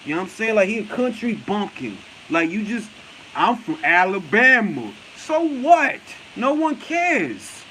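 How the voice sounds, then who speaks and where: Brief: New York-accented male boxing talk host, lively high voice, blunt and profane, laughs a lot. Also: unhurried, few pauses, a little hiss or hum, rough recording. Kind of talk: casual commentary, answering viewer comments.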